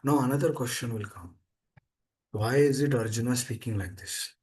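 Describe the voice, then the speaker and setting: A man's voice: mid-range voice, normal speed, a little mellow. A man giving a scripture class, emphatic and repetitive, speaking over a video call. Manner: repetitive, emphatic, pleading "please understand". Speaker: preacher.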